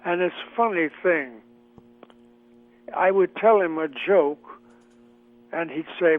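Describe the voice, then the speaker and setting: An older man, a veteran comic actor, reminiscing in a chatty, halting way in a radio interview. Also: a little high. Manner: chatty, halting with many fillers. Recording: tinny phone line.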